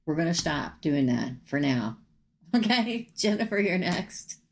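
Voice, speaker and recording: A woman's voice: sits low, sing-song, unhurried. A middle-aged woman doing live tarot readings, chatty and exclaiming over cards, addressing viewers by name. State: emotional after crying all night. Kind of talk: live-stream tarot reading, casual chat.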